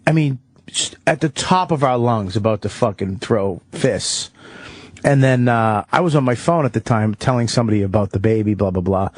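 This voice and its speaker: A male radio co-host tells a story with plenty of swearing and loud acted-out exchanges. His voice has a husky edge. The close studio mic sounds dry. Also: fairly low pitch, normal speed, no echo. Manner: animated, profane storyteller. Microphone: studio microphone.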